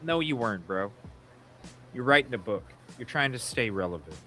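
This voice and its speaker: A man's voice: mid-range voice, lively intonation, moderate pace, bright, forceful tone, soft background music. Blunt, swearing man hosting a talk show. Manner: blunt and opinionated, swears casually; rambling with frequent restarts. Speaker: podcast co-host. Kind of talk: casual true-crime talk show chat.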